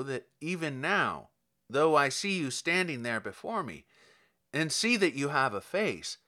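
A man's voice: on the high side, sharp tone, exaggerated voice. A man voicing a courteous, long-winded police officer who explains at length. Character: polite, rambling middle-aged male police officer.

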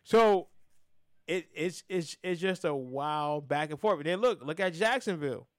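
A man hosting a podcast, talking sports casually, animated, swinging between loud and soft and often restarting his sentences. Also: fairly high pitch, measured pace, no echo, studio quality. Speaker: podcast host.

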